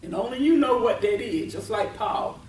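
A woman's voice: on the high side, lively intonation, normal speed, darkish tone, slight background noise. A woman preaching a sermon at a deliverance meeting, emphatic, laughing often and repeating and restarting her words. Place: meeting venue. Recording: echoey room, voice from far off.

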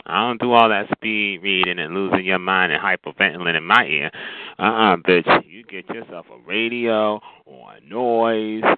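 A man's voice: low voice, moderate pace. A man delivering a heated, sassy on-air rant, cutting and mocking, calling people honey. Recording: tinny phone-like audio with loud noise.

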